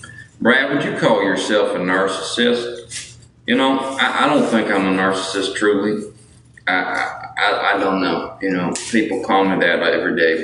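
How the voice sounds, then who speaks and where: Deep raspy-voiced man, boastful and joking. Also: fairly bright tone. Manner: boastful, joking, reads comments aloud then answers. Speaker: livestreamer answering viewer comments. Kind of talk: casual live chat. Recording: echoey room, mic at a distance, faint noise.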